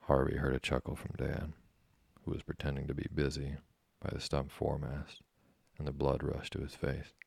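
A man narrates a classic story in a steady, measured reading voice. His voice is extremely low and gravelly, with a husky grain. The recording is close and completely dry. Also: no room sound. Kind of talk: audiobook narration.

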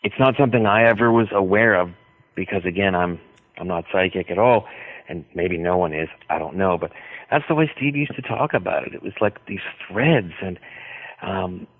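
A man being interviewed as an author, talking in a rambling, hesitant way with many pauses. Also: sits low, no room sound. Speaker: author guest. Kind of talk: radio interview by phone. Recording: tinny phone line.

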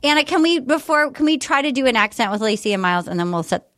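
Bubbly woman host, high and lively, laughs a lot. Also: fast. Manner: giggly, excitable, plugs her book. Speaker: podcast host. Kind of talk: casual chat.

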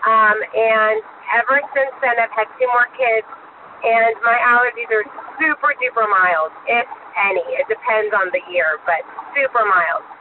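A woman's voice: a little high, moderate pace. A woman caller leaving a chatty, emphatic voicemail. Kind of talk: voicemail message. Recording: phone line with road noise.

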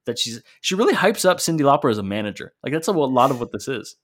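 A man in casual podcast chat, recapping a clip and tossing in the odd swear word. His voice sits at a middle pitch. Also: sing-song, fast. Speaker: podcast co-host.

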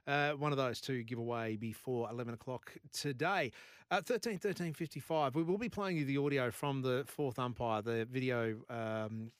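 A man's voice: mid-range voice, clean tone, no room sound. A man, hosting a morning radio show in a chatty, storytelling way. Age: 40s. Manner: chatty storyteller, quick asides and laughs. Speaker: radio host. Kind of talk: casual radio chat. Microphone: studio microphone.

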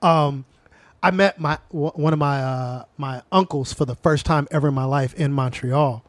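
A man in his forties, a stand-up comedian telling stories in a casual podcast chat, animated and profane. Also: a little high, moderate pace, no room sound. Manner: profane, animated storyteller, laughs often.

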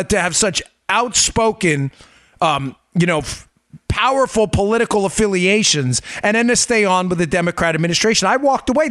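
A male host delivering political commentary with a lively, swinging delivery and a voice pitched somewhat high. He presses his points emphatically and keeps turning to his listeners with pointed questions. The sound is dry and close, with no room around it. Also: dry recording. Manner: emphatic, fires rhetorical questions, addresses listeners as folks. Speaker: podcast host.

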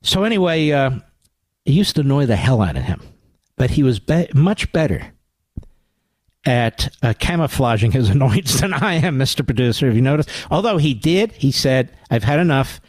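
A man's voice: mid-range voice, big pitch swings, normal speed, a little mellow, no room sound. A man hosting a radio talk show, giving combative political commentary, sarcastic and indignant, often climbing into pointed rhetorical questions on a studio mic.

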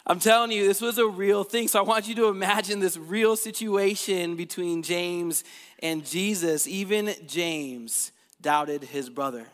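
A male pastor preaching a casual, energetic, conversational sermon to his church. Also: sits high, a little slow, in a large hall.

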